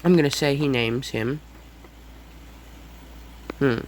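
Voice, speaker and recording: Improvising a fan story, a man with a middle-pitched voice pauses a lot, uses fillers, and corrects himself, sounding hesitant. The recording is low quality with a faint background hum.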